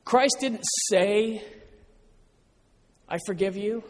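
A man giving a sermon full of personal stories, acting out the dialogue in an animated way. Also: sits high, extremely slow. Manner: animated storyteller, acts out dialogue. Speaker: guest speaker. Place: large church hall. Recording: church hall with long reverb.

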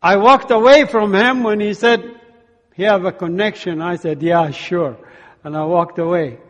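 High-voiced man preaching in a hall. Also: moderate pace, lo-fi sound. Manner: animated storyteller acting out dialogue. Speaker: speaker giving testimony. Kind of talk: sermon testimony storytelling. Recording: long hall reverb.

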